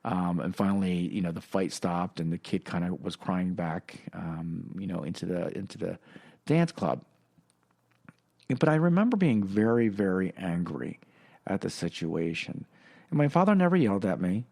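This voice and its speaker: Reflective middle-aged man, lowish voice. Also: lively intonation, creaky, warm tone. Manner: halting, reflective, many fillers and restarts. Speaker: podcast host. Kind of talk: personal storytelling.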